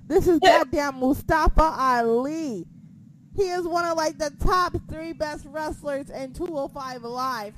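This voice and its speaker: A young woman co-hosting a casual wrestling chat, excitable and profane, laughing often. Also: high voice, measured pace, slight background noise, poor audio.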